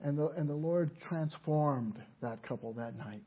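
An older man preaching a sermon as a pastor, telling personal stories in an earnest, halting way with many restarts. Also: a little high, breathy edge. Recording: tinny phone-like sound.

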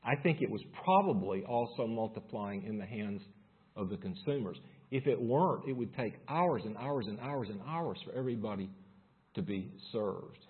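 A man's voice: fairly low pitch, expressive, normal speed, slightly rough, narrow, tinny audio. A man preaching a sermon and reading scripture aloud, building force as he reads. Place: church service room.

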